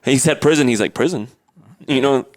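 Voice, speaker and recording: A man talking haltingly in casual podcast chat. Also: medium pitch, lively intonation, dry recording, studio quality. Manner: halting, hesitant. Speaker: podcast co-host.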